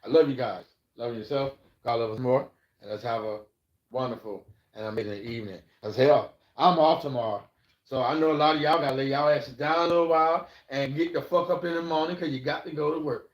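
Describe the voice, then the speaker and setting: A man's voice: medium pitch, a little fast, roomy sound, muffled recording. A man hosting his own podcast, talking bluntly and profanely as he gives life advice in a rambling monologue that often repeats itself. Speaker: podcast host.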